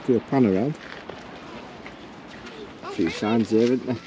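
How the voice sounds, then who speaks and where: A man's voice: on the low side, measured pace. A man co-hosting a travel vlog, chatting in an easygoing, joking way and muttering as he reads signs outdoors. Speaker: travel vlogger. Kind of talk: casual chat. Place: outdoors by a beach. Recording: noisy outdoor recording.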